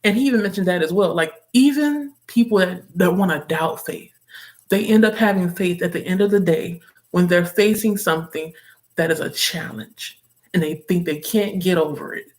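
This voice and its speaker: A woman's voice: on the low side, moderate pace. A woman hosting a casual livestream, chatting with viewers, reading their comments aloud and drifting between topics with frequent laughter. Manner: expressive, laughs often. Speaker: livestream host of a reading session.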